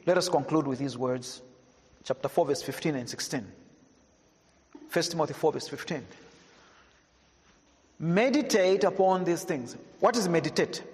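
A man preaching a sermon to a congregation, emphatic, slowing down to read scripture and repeating questions to his listeners. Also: fairly high pitch, a little mellow, slight background noise. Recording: echoey hall with long reverb.

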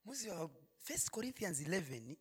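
A man preaching a sermon, swinging between shouted points and hushed storytelling. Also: high voice, sing-song, a little fast, crowd noise. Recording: echoey hall reverb.

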